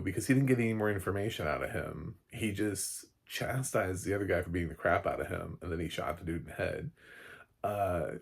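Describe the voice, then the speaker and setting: A man recapping a TV episode as a film critic, in a rambling, casual way with lots of ums and chuckling asides. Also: deep voice.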